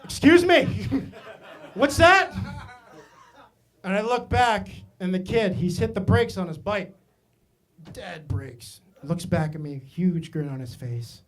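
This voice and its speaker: A man from Maine telling stand-up comedy stories, animated and self-mocking, with asides to the audience. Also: high voice, measured pace. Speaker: stand-up comic.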